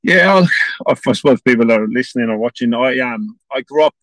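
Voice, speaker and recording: A man's voice: medium pitch, lively intonation, a little fast, fairly bright tone, no room sound, rough recording. An Irish man, a former footballer, chatting as a guest and rambling with many restarts. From Ireland. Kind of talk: casual interview chat.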